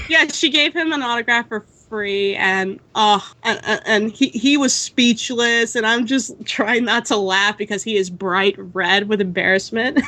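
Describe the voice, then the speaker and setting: A woman's voice: fairly high pitch, measured pace, sharp tone, no echo. Give me a chatty woman guest who laughs often, on a dry call mic. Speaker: guest animator. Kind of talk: casual podcast interview. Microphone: remote call.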